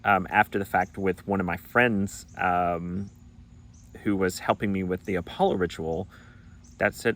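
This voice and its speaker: A man with a fairly low voice tells a long personal story in an earnest, reflective way. He is from Arkansas, and now and then he acts out remembered conversations in his own voice. The pace of his telling stays calm. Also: unhurried. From Arkansas, United States. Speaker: pagan vlogger.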